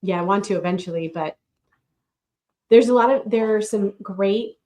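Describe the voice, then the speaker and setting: A middle-aged woman co-hosting a casual chat podcast, talking in a measured, matter-of-fact way. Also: medium pitch, darkish tone. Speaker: podcast co-host and novelist.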